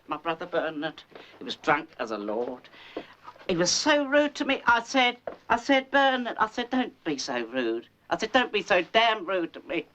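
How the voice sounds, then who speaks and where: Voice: a bit bright, lightly acted. An actor playing a nagging old psychic mother. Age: older. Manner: fussy, gossipy, rambling, theatrical swoops in pitch. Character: nagging, overbearing elderly mother posing as a psychic. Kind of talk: 1970s film comedy acting. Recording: dull old film soundtrack with faint hiss.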